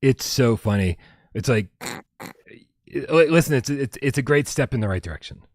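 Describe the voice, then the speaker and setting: A man's voice: medium pitch, animated, moderate pace, a little mellow, dry recording, clean studio sound. A man hosting a casual gaming livestream, reading viewer comments, laughing and swearing freely and often stumbling over his words. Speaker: podcast host.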